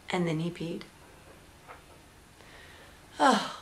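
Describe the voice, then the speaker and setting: A young woman vlogging about her baby, chatty and animated, slipping into sing-song baby talk. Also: fairly high pitch, normal speed, creaky, pauses often, a little hiss or hum. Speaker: mom vlogger, founder of a parenting blog. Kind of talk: casual storytelling vlog.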